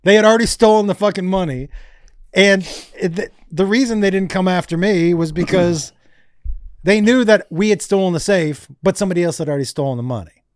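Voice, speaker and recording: A man who is a comedian guest on a podcast, telling animated, profane stories in casual chat. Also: high-pitched, fairly quick, no echo, clean studio sound.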